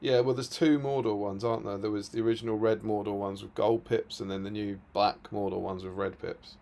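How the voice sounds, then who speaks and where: A man, co-hosting a hobby stream in casual chat, laughing often and letting his sentences trail off quietly. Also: lowish voice, fairly even intonation, fairly quick, vocal fry. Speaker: co-host of a tabletop wargaming stream.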